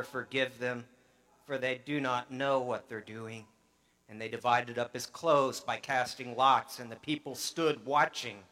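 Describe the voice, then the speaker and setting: Male pastor, sermon, earnest scripture reading, casual asides, bright tense voice. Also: medium pitch.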